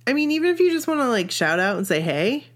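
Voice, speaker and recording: A woman's voice: high-pitched, very animated, very fast. A woman in her forties from Maine, with a Maine accent, chatting casually and upbeat as a podcast co-host. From Maine, USA. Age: 40s. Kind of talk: casual chat.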